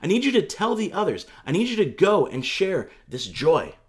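A man voicing Jesus as a tender, gentle grown man in a sermon retelling, speaking softly and reassuringly. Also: fairly high pitch, huge pitch swings, fairly quick. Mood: urgent. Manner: soft, reassuring, pleading.

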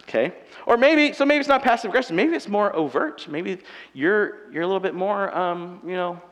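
A married man preaching a sermon with animated, self-mocking humor, acting out everyday quarrels. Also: high-pitched. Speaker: pastor. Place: church auditorium. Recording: long reverb of a large hall.

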